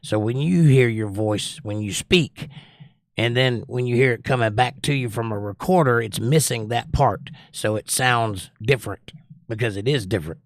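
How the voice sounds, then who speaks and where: A man with a faint Georgia accent, hosting a casual livestream and reading viewers' comments before he talks them through. His voice is mid-pitched, with a dry, close sound and no room around it. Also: moderate pace, no room sound. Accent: Georgia (US Southern), mostly suppressed. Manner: reads chat aloud in a lifted voice, then muses analytically. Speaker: livestream host reading chat. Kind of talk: casual chat.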